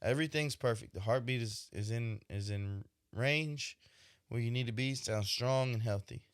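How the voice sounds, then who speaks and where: A man's voice: mid-range voice, moderate pace, clean tone, no room sound, studio quality. A young man hosting a podcast, talking through his thoughts in a casual, reflective monologue, often checking in with "right?". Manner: reflective, conversational, frequent "right?" asides. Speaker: podcast host, expecting father.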